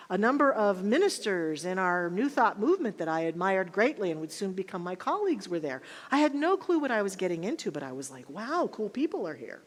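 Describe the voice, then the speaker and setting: A woman minister preaches in a church, her voice swinging up and down with lively expression. She tells stories with a self-mocking, animated touch. The sound carries a long reverb from the sanctuary. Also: mid-range voice. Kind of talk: sermon.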